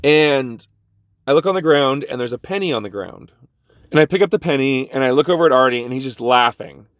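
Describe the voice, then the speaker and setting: A man's voice: medium pitch, a little fast, no echo. A man telling a casual story about a bad job to his vlog audience, jumping into the voices of the people in it. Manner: animated, jumps into quoted voices. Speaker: vlogger.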